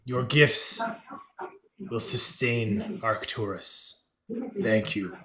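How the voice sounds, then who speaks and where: A man's voice: on the low side, very slow, background noise. A man voicing a haughty pincered god-creature.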